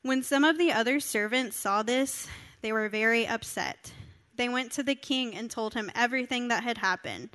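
Bright-voiced earnest woman preacher. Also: on the high side, normal speed. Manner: earnest, emphatic, talks directly to listeners. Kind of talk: sermon with scripture reading.

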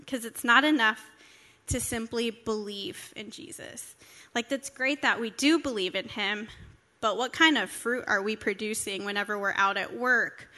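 Bright-voiced young woman preaching. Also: a little high, moderate pace. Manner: conversational, candid, with personal anecdotes. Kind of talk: sermon. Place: church.

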